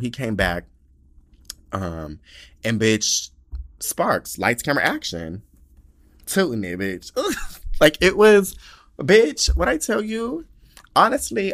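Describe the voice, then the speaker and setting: A young man hosting a podcast, telling a story in a slangy, animated way, swearing often and acting out quotes. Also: low voice. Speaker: podcast host. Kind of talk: casual storytelling monologue.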